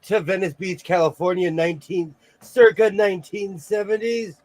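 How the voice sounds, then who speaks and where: A man's voice: high voice, normal speed. A man hosting a sewing show, rambling through stories and laughing often in casual chat. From New York State. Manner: rambling, animated storyteller who laughs often.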